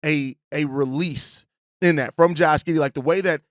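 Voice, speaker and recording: Male podcast host, casual sports talk, slightly high voice, dry close sound. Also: steady tone, moderate pace, no echo. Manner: earnest, talks in long run-on sentences with "right?" tags.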